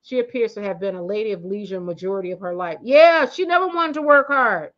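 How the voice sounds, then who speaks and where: A woman's voice: mid-range voice, lively intonation, brisk, fairly bright tone, highs cut off. A woman giving blunt, slangy, emphatic commentary on her channel, often stopping and restarting her sentences. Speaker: commentary vlogger. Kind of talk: casual opinionated commentary.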